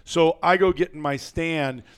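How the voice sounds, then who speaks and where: A man recounts a story for a podcast with a clean, resonant tone that sits slightly high for a man. He tells it with animated energy and the odd curse word. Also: measured pace, clean tone. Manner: animated, colorful storyteller with mild cursing. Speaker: guest hunter.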